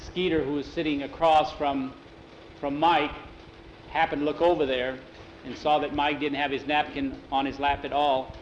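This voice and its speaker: A man's voice: a little high, flat delivery, normal speed, echoey room. A man telling a story in a homespun, meandering way. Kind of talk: oral storytelling. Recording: dull lo-fi recording with faint noise.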